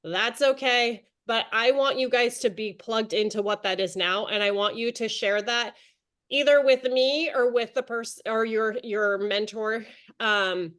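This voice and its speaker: A woman in her thirties runs a video-call training session, chatty and encouraging as she calls on her team by name. Her voice sits a little on the high side. She talks in a friendly coaching tone. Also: fairly bright tone. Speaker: direct sales team leader.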